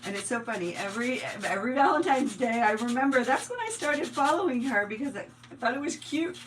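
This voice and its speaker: A chatty woman with a mixed New Jersey and Long Island accent, softened by years in Indiana, talks her viewers through a craft project. She thinks out loud and laughs easily. Sanding and rubbing noises come through clearly behind her. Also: fairly high pitch, animated, a little fast, background noise. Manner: chatty, laughs often, thinks aloud while working. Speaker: crafting livestream host. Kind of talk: casual craft-along chat.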